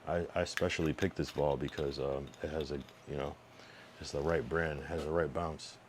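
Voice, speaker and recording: A man's voice: a bass voice, flat delivery, normal speed, a little hiss or hum. A young man streaming, talking casually in a blunt, profane, rambling way with many restarts. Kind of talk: casual livestream monologue.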